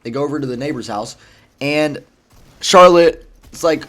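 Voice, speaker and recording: A man's voice: fairly high pitch, moderate pace, fairly bright tone. A man casually retelling a story, rambling with lots of fillers and swearing. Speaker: vlogger.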